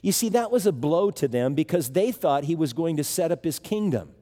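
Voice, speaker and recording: A man's voice: on the high side, big pitch swings, brisk, warm tone, big-room sound. A man preaching a sermon in a conversational, emphatic way, often restarting his phrases.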